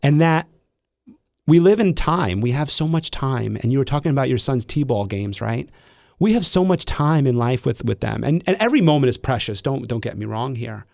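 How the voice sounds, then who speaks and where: A man's voice: mid-range voice, animated, normal speed, creaky, darkish tone, no room sound, clean studio sound. A middle-aged man hosting a podcast, talking reflectively with many restarts and fillers. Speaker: podcast host. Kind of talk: casual interview conversation.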